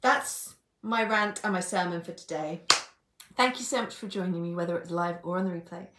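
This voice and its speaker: A woman's voice: fairly low pitch, normal speed, echoey room, heavy background noise. Sweary, blunt woman coach. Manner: blunt, sweary, laughs often. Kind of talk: live stream pep talk.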